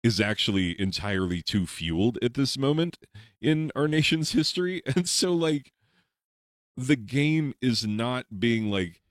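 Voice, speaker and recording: A man who teaches high school English, rambling in casual commentary while playing a game, full of fillers and laughs. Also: lively intonation, a little slow, no room sound. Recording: game gunfire and explosions behind the voice.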